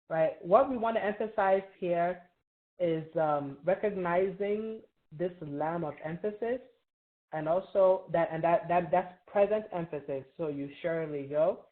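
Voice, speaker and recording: A woman's voice: lowish voice, unhurried. A woman teaching an Arabic grammar review, patiently quizzing students and checking in with frequent "right?". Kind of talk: classroom review lesson. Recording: tinny phone-like online call.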